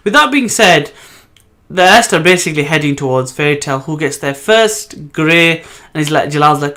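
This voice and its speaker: A man's voice: a little high, expressive, normal speed, pushed and bright. Rambling man reviewing comics. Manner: rambling, many ums and restarts. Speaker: manga reviewer host. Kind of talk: casual solo video review.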